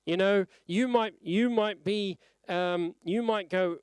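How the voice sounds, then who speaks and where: A man preaching a sermon at a church service, earnest and reflective, letting his phrases fall softly at the end. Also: sits high, takes it slowly, few pauses, smooth, no room sound.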